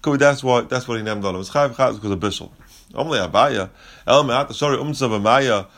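A man teaching a Talmud passage, reading Aramaic phrases and explaining them in relaxed, conversational English. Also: mid-range voice, a little fast.

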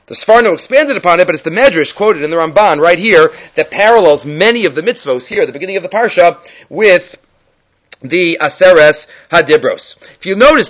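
Man, high-pitched, Torah teacher; earnest explainer moving between Hebrew quotes and English. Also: a bit bright. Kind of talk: daily Torah class on the weekly portion.

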